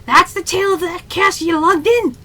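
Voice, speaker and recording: A woman voicing a stern, fiery ship captain who shouts rebukes at a crewman. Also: very high-pitched, moderate pace, voice pushed up, exaggerated voice. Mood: furious. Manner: shouted outrage, clipped rebukes.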